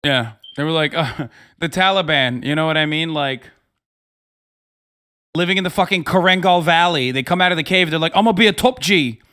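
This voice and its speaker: A man's voice: on the high side, normal speed, pushed and bright, smooth. A man streaming, ranting in a sarcastic, profane, casual way. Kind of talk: casual live-stream commentary.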